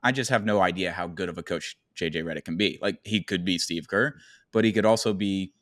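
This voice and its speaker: A man's voice: sits low, a little fast, fairly bright tone, no room sound, clean studio sound. A man co-hosting a casual sports podcast, rambling and thinking aloud with restarts and the odd swear word. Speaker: podcast co-host.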